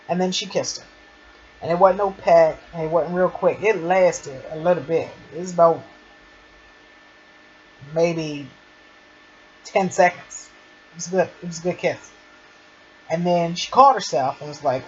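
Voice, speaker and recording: A woman's voice: on the low side, measured pace, long pauses. A woman giving a casual, gushing fan recap of a TV drama episode. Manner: chatty, gushing fan retelling of scenes. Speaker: TV episode reviewer. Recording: dull lo-fi sound with faint noise.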